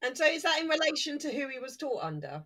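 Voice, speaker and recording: A woman's voice: sits high, big pitch swings, quick pace, bright, forceful tone. A woman hosting a podcast interview, asking probing questions and summarizing her guest's argument. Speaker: podcast host.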